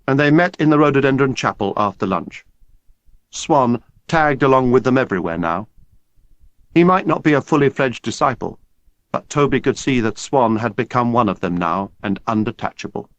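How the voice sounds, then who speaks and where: Brief: male audiobook narrator, expressive, animated intonation. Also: mid-range voice, dry recording, muffled recording. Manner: expressive, measured storytelling. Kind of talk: scripted narration.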